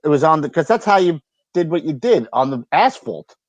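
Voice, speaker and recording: A middle-aged man from Brooklyn, New York, telling a lively story to friends on a podcast. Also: on the high side, a little fast, no room sound. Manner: animated, laughing storyteller. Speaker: podcast host.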